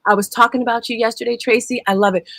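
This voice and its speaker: A woman's voice: fairly high pitch, fairly even intonation, fast talker, creaky, a bit bright, no room sound. A woman hosting a motivational call, effusive and bubbly as she welcomes callers. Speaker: host. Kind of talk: motivational live-call chat.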